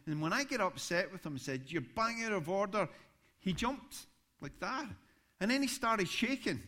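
A pastor delivers a sermon in a voice that sits a little high for a man. He tells his stories with growing animation. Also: normal speed. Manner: storytelling, animated when recounting events.

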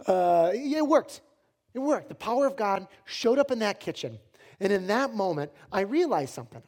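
A male preacher giving a sermon with a personal story, joking at his own expense. His delivery is animated, rising loud and dropping quiet. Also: sits high. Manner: animated, self-deprecating humor.

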